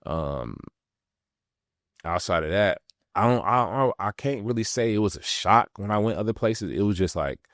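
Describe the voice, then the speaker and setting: A young man from California, a podcast host and former pro athlete, telling stories in relaxed slangy talk with frequent laughs. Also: on the low side, normal speed, no echo, studio quality. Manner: laid-back slangy talk, laughs often. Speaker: podcast host, retired pro basketball player. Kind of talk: casual storytelling.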